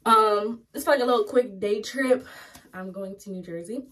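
Young adult woman, casual daily vlogger, chatty and relaxed, close to the mic. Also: medium pitch, normal speed. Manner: chatty, loose, lots of "um" and "y'all". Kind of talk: casual vlog chat. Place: at home, then out running errands. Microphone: phone or camera held close.

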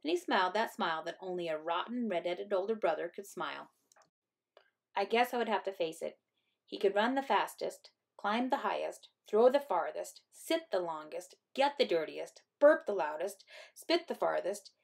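A woman teacher reading a picture book aloud to third graders in a gentle, expressive way. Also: mid-range voice, moderate pace, gravelly.

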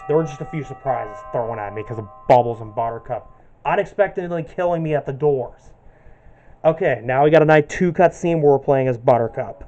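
A man's voice: medium pitch, a little mellow, muffled recording. Chatty man narrating his gameplay. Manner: chatty, narrates each move. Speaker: gaming channel host. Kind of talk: casual gameplay commentary.

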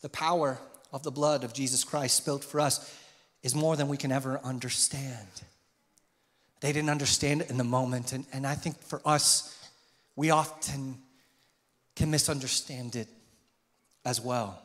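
Impassioned pastor in a reverberant church. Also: male voice, fairly even intonation, normal speed, pauses often, fairly bright tone. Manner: impassioned, rises in pitch and volume on questions. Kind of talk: sermon. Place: church sanctuary. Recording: long hall reverb.

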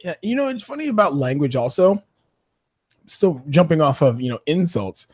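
Animated man in a dry close chat. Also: fairly high pitch, moderate pace, slightly rough, no echo. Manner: animated, says "dude" and "by the way" often. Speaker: podcast co-host. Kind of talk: casual panel chat.

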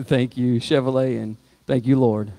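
A man preaching a sermon as pastor, swinging from loud rising exhortation to quiet spoken prayer. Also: mid-range voice, steady tone, unhurried, no room sound. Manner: preaching with rising shouts, then hushed prayer. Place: church sanctuary.

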